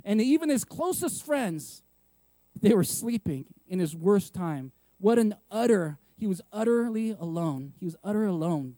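A man preaching a sermon, repeating words for emphasis and firing off rhetorical questions, going from loud and punchy to hushed. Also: high voice, no echo. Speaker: pastor.

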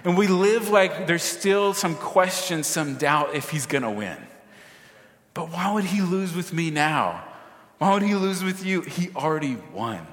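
A man delivers a sermon with energy, often turning to the congregation with quick asides and questions. His voice sits a little high for a man. The sound carries a long reverberant tail, as in a large hall. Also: lively intonation, fairly bright tone. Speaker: pastor.

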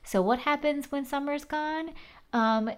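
A woman in casual recap chat, animated, swearing and using many fillers. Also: high voice, measured pace.

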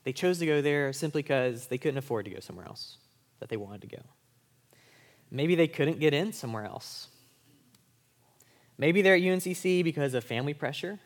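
A man's voice: a little high, animated, normal speed, pauses often. Casual, conversational male pastor. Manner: casual and conversational, asks the listeners "right?"; speaks to college students in everyday language. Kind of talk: sermon.

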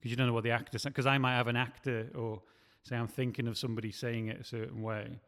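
A man's voice: mid-range voice, level tone, quick pace, a bit bright. Rambling man in a reverberant room. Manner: rambling, self-correcting. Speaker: writer and producer. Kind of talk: casual chat.

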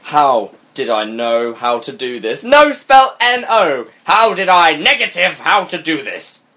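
A man's voice: mid-range voice, animated, measured pace, bright, forceful tone. Sarcastic young man reading aloud. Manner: sarcastic, laughing, swearing asides. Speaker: podcast co-host. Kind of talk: mocking dramatic reading of fan fiction.

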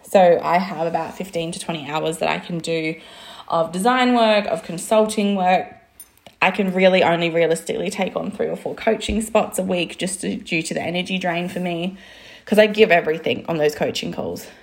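A woman's voice: lowish voice, moderate pace, creaky. A woman in her thirties, a coach talking casually to camera, chatty and full of swearing and "like". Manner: chatty, swears freely, lots of "like" and laughs. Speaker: business coach and designer.

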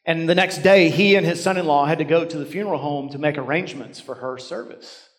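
A middle-aged man preaching a sermon as a pastor, telling stories and dropping his voice low and quiet for emphasis. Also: fairly quick. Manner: storytelling, dropping to near whisper for emphasis. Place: church sanctuary. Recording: long reverb of a large hall.

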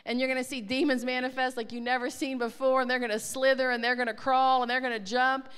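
A woman sharing a ministry testimony in an excitable way, swinging from hushed tones to shouts. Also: high voice, fast, clear, resonant tone, in a large hall. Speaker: ministry speaker. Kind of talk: animated testimony storytelling.

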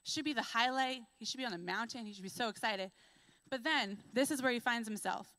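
A young adult woman giving a church sermon, telling stories in a lively way and acting out what people say. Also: a little high, a little fast, no echo. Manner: lively storytelling, acts out quotes. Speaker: preacher.

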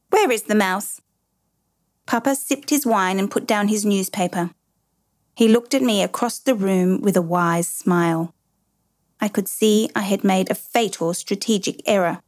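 Expressive woman reading a storybook. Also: mid-range voice, measured pace. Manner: expressive, lively first-person narration. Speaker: narrator.

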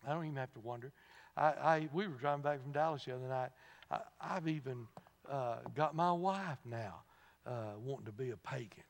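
A man's voice: mid-range voice, fairly quick, a little hiss or hum. A man preaching a sermon in a church, talking conversationally, asking the congregation questions and laughing at his own stories. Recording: long hall reverb.

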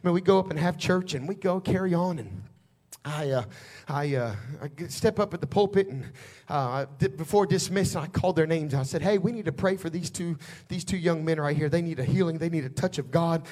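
A preacher with a notably high male voice tells a homespun church story in a conversational drawl. His delivery swings from low, easy storytelling up to fervent, shouting declarations. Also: a little fast. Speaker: pastor. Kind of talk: storytelling sermon.

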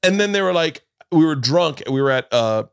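A man's voice: a little fast, vocal fry, clean tone, no room sound, clean studio sound. A man hosting a podcast, telling stories in casual chat and acting out quotes with big jumps in his voice. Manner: animated, acts out quotes with big pitch jumps. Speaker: podcast host.

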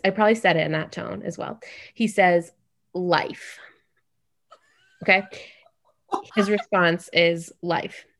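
A young adult woman telling a funny story in casual podcast chat, animated and full of "like". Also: on the low side, gravelly. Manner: animated, fast, heavy use of "like".

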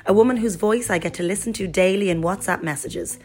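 A woman reading a personal blog aloud as first-person narration, in an even, storytelling manner. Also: medium pitch, fairly quick, breathy edge. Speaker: guest reader voicing a friend's blog.

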